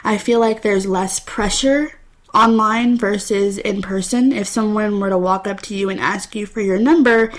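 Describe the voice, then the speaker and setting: A woman's voice: mid-range voice, fairly even intonation, moderate pace. Young woman, twenties, solo podcast host; candid, chatty storyteller, mid-range voice. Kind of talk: casual solo podcast talk.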